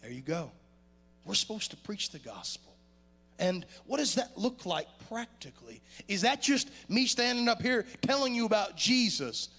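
A man delivers a sermon in a church with a gravelly edge to his voice. His pitch swings widely, climbing for emphasis and falling low for quieter points. His voice sits a touch higher than most men's. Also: moderate pace. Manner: animated preaching with sudden loud rises and quiet drops. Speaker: pastor. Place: church sanctuary.

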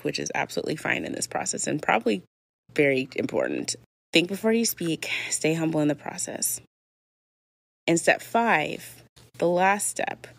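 A woman's voice: sits low, gravelly, no room sound. A woman hosting a podcast, giving candid, emphatic advice in a casual talk, sometimes acting out example apologies. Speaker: podcast host.

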